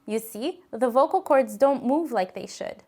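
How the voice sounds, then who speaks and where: A woman giving calm, clearly spoken scripted narration for an instructional voice-care video. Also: on the high side, a little slow.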